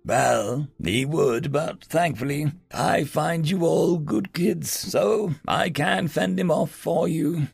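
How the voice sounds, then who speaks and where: A man's voice: fairly high pitch, slow pace, vocal fry, hardly any pauses, husky, no room sound, studio quality, soft background music, voice pushed up, full character voice. A man voicing a playful old man who likes to tease and brag. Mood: amused.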